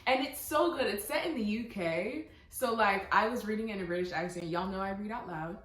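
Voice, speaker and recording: A young woman vlogger reviewing books in casual, excited chat, full of fillers and quoted asides. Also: mid-range voice, brisk. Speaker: book vlogger. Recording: echoey room, faint music.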